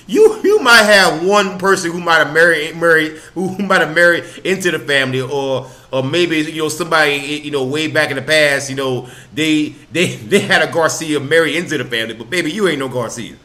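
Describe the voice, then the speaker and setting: A man's voice: a little high, fairly quick, hardly any pauses, pushed and bright. A man hosting a podcast, giving profane, mocking live reaction commentary with frequent laughter. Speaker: podcast host.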